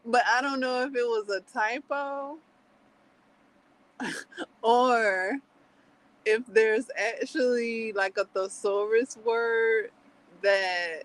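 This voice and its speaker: A woman chatting on her livestream at an unhurried, drawn-out pace. She giggles often and rambles through many fillers and restarts, with a mid-range voice. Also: medium pitch, poor audio. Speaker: livestream host. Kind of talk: casual chat.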